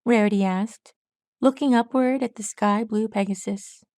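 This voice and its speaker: A woman narrates her own fan fiction as an audiobook, keeping a steady, even storytelling pace. Her voice sits at a middle pitch for a woman. The sound is close and dry, with no room echo. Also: normal speed. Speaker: audiobook reader.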